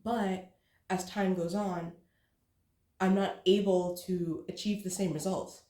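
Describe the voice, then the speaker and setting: A woman's voice: mid-range voice, steady tone, slow pace, mellow, reverberant. A woman talking candidly in a casual vlog. She swears freely and fills her speech with "like" and "um". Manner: frank, swears freely, filler-heavy. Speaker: vlogger.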